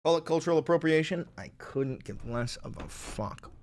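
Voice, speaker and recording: A man's voice: a little high, lively intonation, normal speed, vocal fry, a little mellow, slight background noise. A man hosting a casual livestream, reading viewer comments and joking and swearing between bits of silly voices. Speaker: livestream host.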